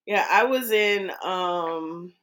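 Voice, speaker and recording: A woman's voice: fairly low pitch, drawn-out words, fairly bright tone. An American woman chatting casually as a co-host, rambling and laughing easily. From United States. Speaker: co-host answering a chat. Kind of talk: casual chat. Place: home, on the East Coast.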